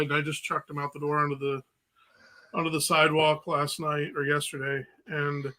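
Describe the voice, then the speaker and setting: A man's voice: on the high side, level tone, a little fast, sharp tone, rough recording. A man from the northern US, co-hosting a casual livestream and making easygoing, wry jokes. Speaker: host's husband and co-host.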